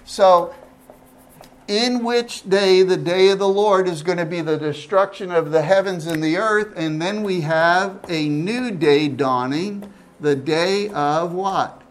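Slow, questioning male pastor. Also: high voice. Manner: asks the audience questions, animated. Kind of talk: Bible study sermon.

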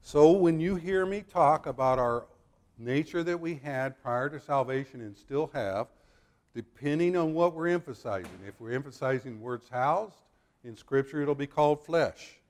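A man's voice: a little high, normal speed, darkish tone. A man teaching a Bible passage verse by verse to a congregation, explaining as he goes with restarts and asides.

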